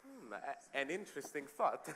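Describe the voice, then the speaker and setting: A man's voice: mid-range voice, very animated, normal speed, a bit bright, a little hiss or hum. An actor playing a polite, reserved young immigrant man. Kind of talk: musical theatre acting.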